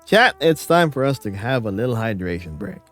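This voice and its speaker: A man's voice: medium pitch, big pitch swings, fairly quick, fairly bright tone, soft background music. A man from the Philippines with a light Filipino accent, chatting playfully and rambling on a live stream from home. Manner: playful, rambling, reads chat aloud. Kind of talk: casual live-stream chat.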